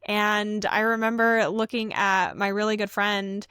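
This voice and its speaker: Woman, podcast co-host, smooth voice, dry close sound, earnest storytelling. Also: medium pitch, level tone, a little slow, bright, forceful tone, dry recording. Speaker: podcast co-host, emergency vet tech. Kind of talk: casual podcast chat.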